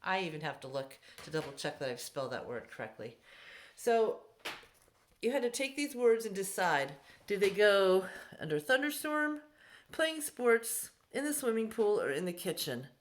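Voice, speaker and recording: A middle-aged woman teaching a recorded class lesson from home, patient and sounding words out slowly for young pupils. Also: mid-range voice, sing-song, a little hiss or hum. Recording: echoey room.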